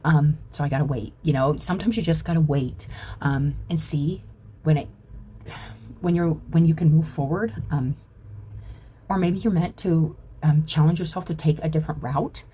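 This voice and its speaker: A woman's voice: deep voice, normal speed, mellow, husky. A woman giving a casual, meandering spiritual reading, reflective and full of fillers. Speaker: spiritual reader.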